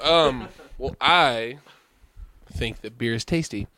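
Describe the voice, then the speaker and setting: A man's voice: medium pitch, slow pace, sharp tone. A man on a casual podcast panel, hesitant and thinking aloud with lots of fillers. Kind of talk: casual group chat.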